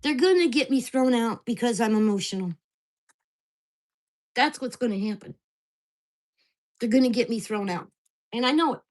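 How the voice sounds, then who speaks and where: A woman's voice: fairly high pitch, lively intonation, moderate pace, pauses often. A woman in her sixties, venting to camera at home in an agitated, swearing rant. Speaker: vlogger. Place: at home in a mobile home park.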